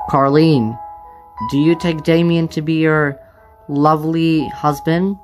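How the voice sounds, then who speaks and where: A woman's voice: low voice, fairly even intonation, music in the background, pitched below the performer's own voice. A woman voicing a wedding officiant who keeps stumbling over the words of the ceremony. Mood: solemn, fumbling. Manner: halting, loses track of the words. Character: wedding officiant, hesitant and fumbling.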